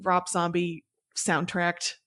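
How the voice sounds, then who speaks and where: A woman's voice: on the low side, little pitch movement, takes it slowly, a bit bright. A woman co-hosting a podcast in casual chat, enthusiastic and talkative. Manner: enthusiastic and chatty. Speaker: podcast co-host.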